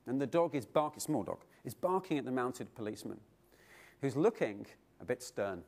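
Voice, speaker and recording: A middle-aged man delivering a keynote speech at a conference. He tells stories with lively swings in his voice and keeps putting rhetorical questions to the room. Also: medium pitch, normal speed, gravelly. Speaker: keynote speaker. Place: conference hall.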